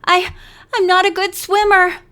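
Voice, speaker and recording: A woman's voice: high-pitched, a little slow, a bit bright. A woman reading an audiobook, voicing a young female model who is shaky, cold and pleading after nearly drowning. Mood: panicked. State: shivering and cold. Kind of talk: audiobook character voice.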